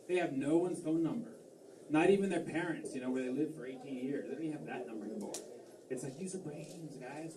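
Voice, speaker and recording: A man doing stand-up on a club stage, his voice a little higher than most and soft, mellow in tone. He rambles and corrects himself, poking fun at his own flubs. The sound is roomy and picked up from a distance, with faint room ambience behind him. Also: a little hiss or hum. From Massachusetts. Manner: rambling, self-deprecating, lots of fillers and restarts. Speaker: stand-up comedian. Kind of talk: stand-up comedy set.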